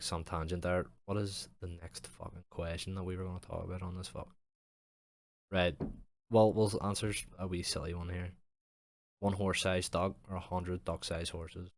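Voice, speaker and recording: Low-voiced sweary man. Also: dry recording. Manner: rambling, heavy swearing, lots of fillers. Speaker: podcast host. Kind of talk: casual chat.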